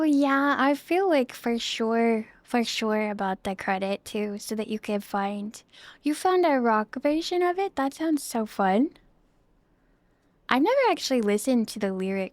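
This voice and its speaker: A woman's voice: medium pitch, no room sound. A young woman livestreaming, chatting casually and giggly with her viewers into a close desk microphone. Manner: bubbly and giggly, chatty asides. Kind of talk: casual chat with live viewers.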